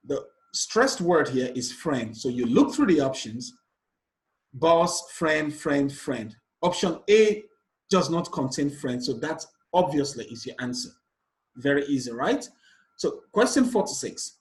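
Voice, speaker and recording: A man's voice: fairly high pitch, very animated, a little slow, rough recording. A man, a teacher patiently going through exam stress questions one by one. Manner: patient, repetitive explanation. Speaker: English teacher. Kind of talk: exam revision lesson.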